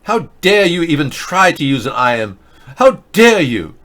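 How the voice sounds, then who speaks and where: A man mocking a scolding teenage girl activist in a high, shouting voice. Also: big pitch swings, a little slow. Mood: indignant. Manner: shouting, accusing.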